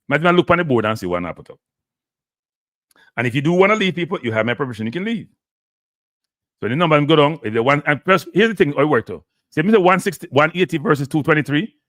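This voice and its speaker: A man's voice: fairly high pitch, sing-song, quick pace, a bit bright, no echo, clean studio sound. A Jamaican man hosting a live stream, annoyed and pleading with his viewers. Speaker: live show host.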